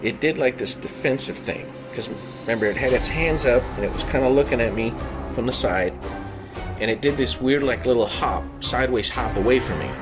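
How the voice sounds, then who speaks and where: A man hosting a podcast, telling a personal paranormal story in an earnest, halting way, often circling back to rephrase himself. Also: mid-range voice. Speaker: podcast host. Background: background music.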